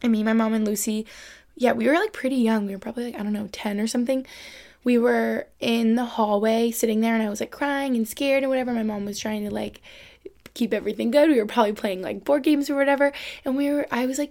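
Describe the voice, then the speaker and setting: A woman's voice: on the high side, steady tone, fast talker, a little mellow. A young woman from upstate New York hosting a casual podcast, rambling upbeat chat full of "like", recorded on a desk microphone into a computer. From Albany, New York. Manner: rambling, upbeat, chatty, lots of "like". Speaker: podcast host.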